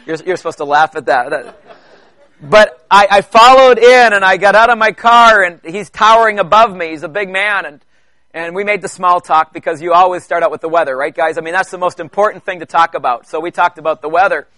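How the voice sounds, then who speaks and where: A man preaching a personal testimony in church, chatty, with halting restarts and joking asides to the congregation. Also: a little high, sharp tone, dry recording. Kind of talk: conversational sermon testimony.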